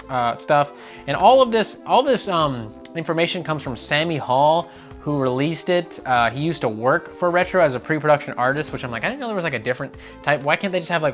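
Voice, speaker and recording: A young man hosting a casual gaming video, animated and swearing, putting on mocking voices as he rants. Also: on the high side. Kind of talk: casual opinion rant.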